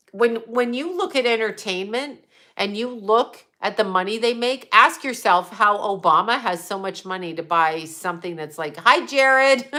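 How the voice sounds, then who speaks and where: Bright-voiced woman ranting profanely. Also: mid-range voice. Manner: profane, blunt, agitated. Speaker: host. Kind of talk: casual ranting commentary.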